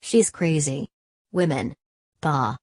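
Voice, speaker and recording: A woman's voice: sits low, takes it slowly, darkish tone, dry recording. A woman voicing a grouchy, suspicious old male dwarf in a storybook reading. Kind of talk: storybook character voice.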